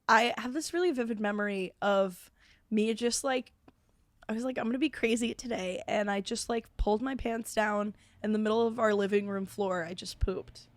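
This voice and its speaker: A young woman co-hosting a podcast, giggly and teasing in quick banter. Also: medium pitch, fairly even intonation, no echo. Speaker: podcast co-host. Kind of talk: casual chat.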